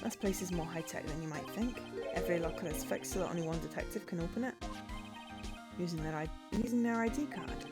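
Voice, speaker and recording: A woman voicing a gruff, good-natured male police detective in a put-on Scottish accent, reading game dialogue aloud on stream. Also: on the low side, fast, loud music behind the voice, lightly acted. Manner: blustering, calls people pal.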